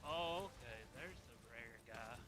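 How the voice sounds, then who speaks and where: A man's voice: mid-range voice, animated, unhurried, noisy background. A man playing a video game with friends, chatting casually and exclaiming. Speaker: co-player. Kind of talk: casual gaming chat.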